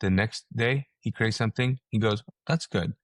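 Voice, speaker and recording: Lowish male pastor, talks like a sermon, acts out little quotes, dry close sound. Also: moderate pace, dry recording. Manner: energetic, acts out quoted reactions with rising pitch. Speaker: pastor and author, podcast guest. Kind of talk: animated conversational preaching.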